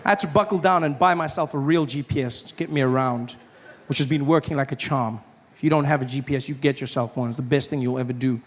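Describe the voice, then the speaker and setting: A man's voice: medium pitch, fast talker, a little hiss or hum. A man performing a stand-up comedy set, telling stories and acting out the people in them. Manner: animated storytelling, acts out other voices.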